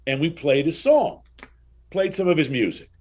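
A man in his sixties, appearing as an interview guest, tells anecdotes casually and with animation, acting out the dialogue. His voice is fairly high-pitched and moves at a normal speed.

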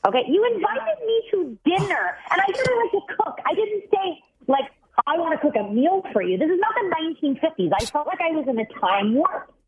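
A woman's voice: extremely high pitch, big pitch swings, brisk. Exasperated young woman on a phone line. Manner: exasperated, sarcastic complaining. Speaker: caller on a radio show. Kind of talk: phone call on morning radio.

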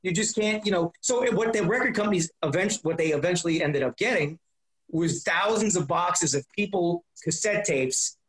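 Rambling high-voiced man in casual chat. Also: normal speed, fairly bright tone, rough recording. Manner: rambling, with many restarts and repeated words. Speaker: guest, prank-call comedian.

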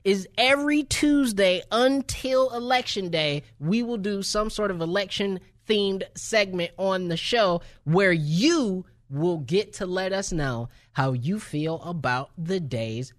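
A man's voice: sits high, slow pace, hardly any pauses, fairly bright tone, dry recording, studio quality. A man hosting a gaming podcast in casual chat, joking and rambling a little. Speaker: podcast host. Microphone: studio mic.

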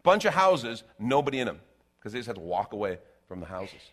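A man preaching a sermon in an animated, rhetorical way, with sarcastic asides. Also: medium pitch, fairly quick.

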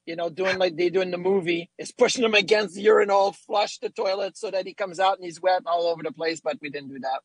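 A middle-aged man co-hosting a sports talk show, telling lively stories and acting out quotes. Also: high voice, quick pace, hardly any pauses, slightly rough, no room sound, poor audio. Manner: animated storyteller, acts out quotes. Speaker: radio co-host, former goalie. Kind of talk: casual sports talk, storytelling.

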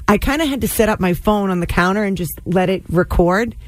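A woman's voice: medium pitch, brisk, dry recording. Woman, radio co-host, casual chat, laughs easily.

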